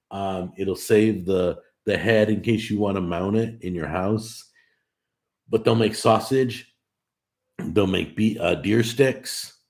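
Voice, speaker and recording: Male live-stream host with a low, deep voice, casual and chatty with viewers, animated and full of restarts. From California. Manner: talkative and animated, with frequent restarts. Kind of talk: casual live stream chat, reading and answering viewer comments.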